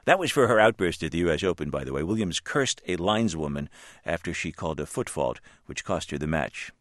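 Male news reporter, very deep and animated, wry scripted read, dry close studio mic. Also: fairly quick, no echo. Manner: wry, lively delivery.

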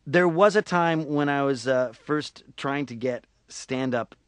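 A man's voice: mid-range voice, unhurried, clean tone, no room sound. A man in his forties, a voice actor, chatting playfully and laughing often in a radio interview. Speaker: voice actor guest. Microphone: studio microphone.

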